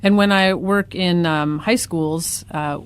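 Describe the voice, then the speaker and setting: An American woman who works as an educator, explaining things calmly in a casual discussion. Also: lowish voice, takes it slowly, clear, resonant tone. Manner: calm and explanatory. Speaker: guest educator.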